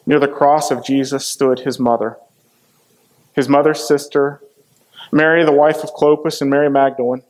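A man's voice: mid-range voice, level tone, moderate pace, a little mellow. A man preaching a sermon, dramatically retelling a scripture passage and acting out the voices in it. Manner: dramatic, acts out the quoted voices.

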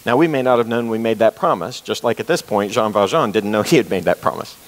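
A man's voice: on the low side, expressive, fast. A man preaching a sermon, earnestly retelling a story and repeating key phrases for emphasis. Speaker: pastor. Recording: long reverb of a large hall.

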